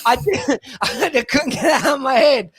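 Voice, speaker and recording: A man hosting a casual football chat show, telling stories with lively energy and mimicking voices. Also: very high voice, moderate pace, breathy edge, no echo. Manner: animated storytelling, mimics his kids. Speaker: show host.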